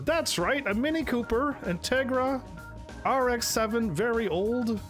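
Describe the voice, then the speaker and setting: A man hosting a let's play, reading game text aloud and reacting with excited, sarcastic commentary. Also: very high-pitched, measured pace. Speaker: gaming channel host. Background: faint game music.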